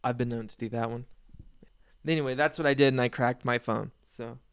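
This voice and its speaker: Smooth-voiced man rambling casually. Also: mid-range voice, steady tone, fairly quick. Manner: rambling, profane, self-deprecating storytelling with laughs.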